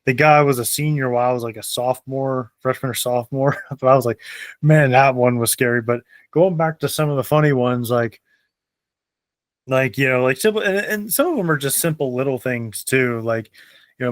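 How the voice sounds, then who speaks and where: A man's voice: mid-range voice, no room sound. Young man, podcast host, casual storytelling, frequent laughs, dry close sound. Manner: laughs often while telling stories. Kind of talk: casual chat.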